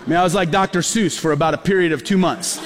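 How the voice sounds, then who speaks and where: A male pastor preaching a sermon in a church, telling stories in a lively way and acting out the voices of the people in them. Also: high voice, quick pace, some chatter behind, slight background noise. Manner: lively storyteller who acts out quoted voices. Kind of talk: storytelling sermon. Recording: long hall reverb.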